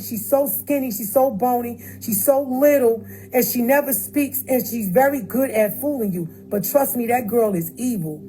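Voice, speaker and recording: A woman's voice: on the high side, dark tone, rough recording. A woman talking straight to viewers on a phone livestream, emphatic and repeating her points. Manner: emphatic, repeats phrases, addresses viewers directly. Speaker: livestream host. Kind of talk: casual livestream talk.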